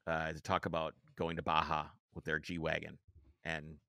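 A man in his thirties co-hosting a podcast, telling a story in a casual, animated way. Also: rumbling low, normal speed, creaky, dry recording, studio quality. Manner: animated storyteller, mimics voices in quotes. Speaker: podcast co-host.

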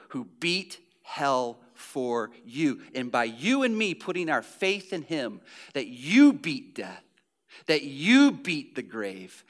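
A man's voice: a little high, a bit bright. A pastor preaching a conversational sermon, repeating phrases for emphasis and often restarting his sentences.

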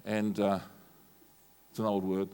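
Older Australian pastor preaching. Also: male voice, lowish voice, monotone, a little slow, a little hiss or hum. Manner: storytelling, rising to forceful preaching. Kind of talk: sermon.

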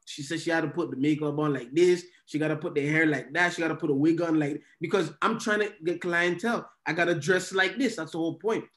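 Man, fairly high voice, conversational churchgoer who makes his point with examples. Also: a bit bright. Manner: conversational, explains with vivid examples. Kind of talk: casual faith conversation.

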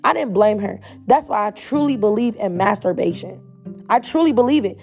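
Gravelly, profane woman telling a story. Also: medium pitch, expressive, moderate pace, darkish tone, soft background music. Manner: blunt, profane, chatty, speaks straight to the listeners. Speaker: storyteller addressing her viewers. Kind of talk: casual storytime vlog.

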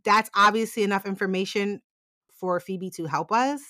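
A woman's voice: medium pitch, moderate pace, sharp tone, dry recording, clean studio sound. A woman co-hosting a podcast, giving a casual, sarcastic recap of an episode and swearing freely. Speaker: podcast co-host.

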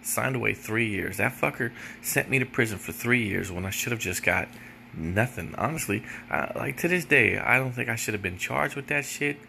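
A man's voice: medium pitch, moderate pace, gravelly, pushed and bright, slight background noise. A man telling a casual story in a blunt, profane way, often checking in with "right?". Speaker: storyteller giving jail advice.

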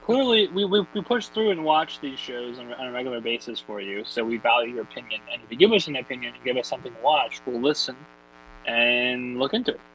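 A young man co-hosting a casual podcast, joking and chiming in with quick interjections. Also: medium pitch, fairly bright tone, a little hiss or hum, rough recording. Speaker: podcast co-host.

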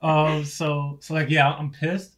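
A man telling a story in casual chat, animated and laughing often, swearing freely. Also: a little high, slow pace, a loud crowd.

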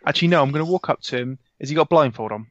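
A man's voice: on the high side, very fast, no echo, lo-fi sound. A man playing a tabletop role-playing game in character, laid-back and cocky, calling others mate. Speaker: player.

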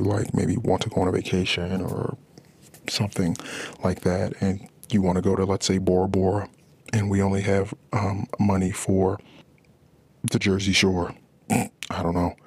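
A man's voice: low voice, completely flat delivery, moderate pace, breathy edge, no room sound. A man hosting a podcast, venting in a rambling, frustrated monologue about his marriage. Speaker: podcast host.

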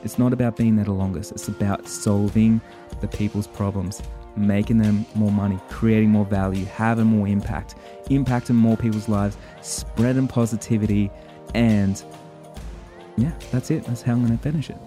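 Worked up guy giving a pep-talk podcast, super mellow dark voice, talks right at you. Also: lowish voice, steady tone, moderate pace, faint music behind. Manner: passionate, worked up, talks straight to listeners. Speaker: podcast host. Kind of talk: motivational podcast monologue.

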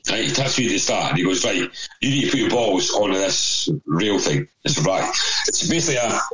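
A man's voice: fairly low pitch, very animated, brisk, a bit bright, a little hiss or hum, low-quality recording. A man telling a rambling anecdote over casual chat, swearing constantly. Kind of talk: casual storytelling.

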